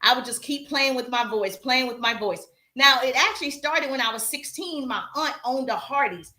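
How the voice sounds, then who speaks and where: Southern female sales coach, animated and direct, echoey room. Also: high-pitched, moderate pace. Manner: animated, chatty, addresses audience directly. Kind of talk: live-stream coaching talk.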